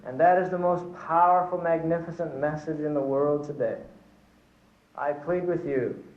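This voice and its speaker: A man's voice: a little high, fairly even intonation, normal speed. A man giving an earnest sermon full of stories, testifying and addressing his listeners as brothers and sisters. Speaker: church speaker. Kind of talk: sermon with storytelling. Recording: echoey hall, dull lo-fi recording.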